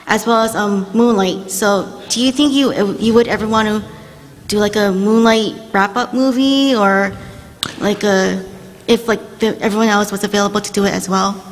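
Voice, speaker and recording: A woman's voice: mid-range voice, fairly even intonation, moderate pace. A woman in the audience asking a question, hesitant with many fillers and a rising tone. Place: large convention hall. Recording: reverberant hall mic with faint noise.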